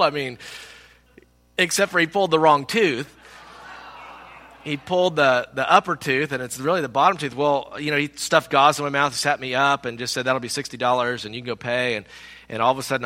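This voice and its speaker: A man preaching a sermon as pastor, telling a personal story in an animated way and acting out the people in it. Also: mid-range voice. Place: church sanctuary. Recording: long reverb of a large hall.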